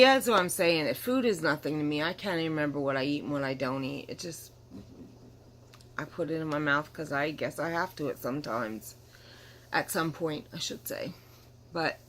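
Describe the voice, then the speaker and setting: A woman's voice: low-pitched, moderate pace, fairly bright tone, slight background noise. A tired middle-aged woman chatting candidly to her camera in a rambling, apologetic vlog, yawning now and then. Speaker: vlogger. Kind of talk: casual vlog chat to camera.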